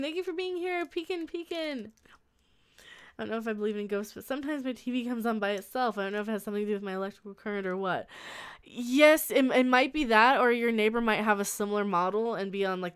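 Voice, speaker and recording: A woman's voice: medium pitch, clear, resonant tone. A young woman hosting a casual livestream from a small room at home, chatting with her chat, rambling, with frequent laughs and restarts. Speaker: livestream host reading chat.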